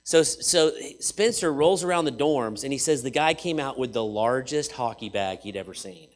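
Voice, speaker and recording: A man preaching a sermon in an animated way, repeating phrases for emphasis and swinging from loud to hushed. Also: medium pitch, moderate pace, hardly any pauses.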